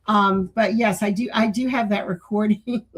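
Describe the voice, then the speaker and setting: A middle-aged woman talks casually as co-host, spinning a story. She's animated, laughs often, and slips into voices when she quotes herself. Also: medium pitch, normal speed, rough recording. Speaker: podcast co-host.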